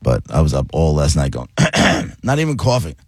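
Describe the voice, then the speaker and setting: Congested man with a husky, deep voice. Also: wildly swooping pitch, moderate pace, darkish tone, dry recording, clean studio sound. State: congested, sick voice. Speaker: radio show co-host. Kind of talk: casual studio banter.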